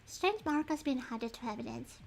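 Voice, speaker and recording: A woman streaming a detective game, chatting in a rambling, apologetic and excitable way as she reads clues and thinks out loud. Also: sits high, normal speed, gravelly. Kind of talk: casual livestream chat.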